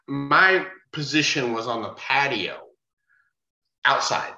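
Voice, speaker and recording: With a bright, forceful voice on the high side, a bouncer appearing as a podcast guest recounts a bar incident casually and swears liberally. He imitates the voices of everyone in the story, in a roomy, dull-sounding recording.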